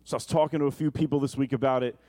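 A male pastor preaching an earnest, personal sermon in a church, slowing down for emphasis and rushing through asides. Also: medium pitch, fairly even intonation, dark tone. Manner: earnest and personal, shifting between slow emphasis and quick asides. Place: church sanctuary.

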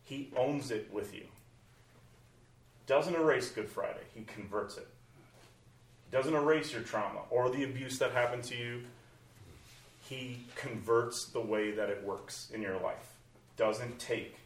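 A man preaching a sermon, animated, moving between loud exclamations and soft hushed passages. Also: mid-range voice, a little slow, pauses often. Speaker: pastor. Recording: roomy, from far off the mic.

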